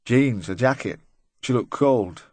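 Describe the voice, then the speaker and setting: A man's voice: medium pitch, measured pace, darkish tone, no room sound, lightly acted. A man voicing a nervous, talkative middle-aged van driver who rambles and tries to joke his way through questioning. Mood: chatty, uneasy. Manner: rambling, eager to please, forced joviality.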